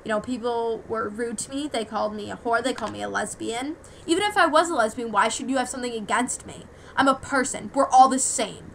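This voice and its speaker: A teenage girl from the United States speaks straight to camera in a personal vlog, rambling through an emotional story with lots of "like"s. Her voice sits a little high and sounds bright. A faint hiss runs underneath. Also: brisk, gravelly, few pauses, poor audio. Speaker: vlogger.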